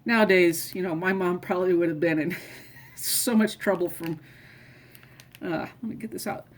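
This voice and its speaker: A woman's voice: fairly low pitch, moderate pace, slight background noise. A middle-aged woman casually telling family stories, rambling and often restarting her sentences. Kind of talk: casual personal storytelling.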